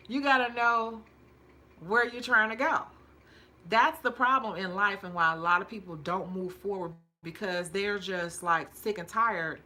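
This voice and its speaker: A woman's voice: a little high, bright, forceful tone. A woman from hosting a casual livestream as a nail technician, chatty and emphatic, repeating her points and laughing often.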